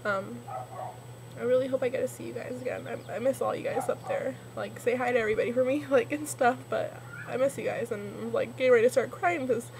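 Young woman from nor cal, rambly emotional webcam talk, kinda high voice. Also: fairly quick, background noise. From Northern California. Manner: rambling, emotional, filler-heavy. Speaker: vlogger. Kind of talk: casual webcam vlog. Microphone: computer webcam.

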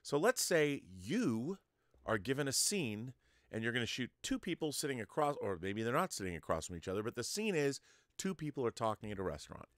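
A man's voice: mid-range voice, sing-song, fairly quick, dry recording, clean studio sound. A man hosting an online show, explaining film-making to his viewers in a lecturing, conversational way. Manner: talks straight to the viewer, lecturing with examples. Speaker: host.

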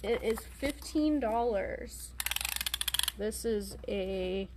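A woman's voice: medium pitch, drawn-out words, noisy background. A woman co-hosting a live shopping sale in a vintage store, reading out items and their prices in brief lines. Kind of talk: live shopping sales pitch.

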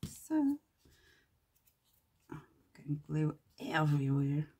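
A woman with a lowish, husky voice and a gravelly edge talks through her craft project at an unhurried pace. She chats casually and thinks aloud, dropping muttered asides to herself as she works. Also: sing-song, warm tone. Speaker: craft channel host. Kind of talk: casual crafting tutorial chat.

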